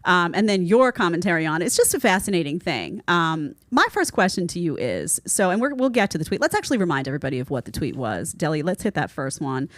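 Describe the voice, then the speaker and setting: A woman from New York with a New York accent, hosting a chatty podcast and talking in quick asides. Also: on the low side, sing-song, fairly bright tone, no room sound. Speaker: show host. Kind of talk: casual podcast chat.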